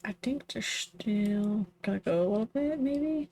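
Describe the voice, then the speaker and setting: A woman from the Southern United States chats casually on a live stream. She meanders through her thoughts with plenty of ums and uhs. Her voice sits at an ordinary middle pitch. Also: animated, unhurried, mellow. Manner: chatty, meandering, many fillers. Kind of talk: casual chat.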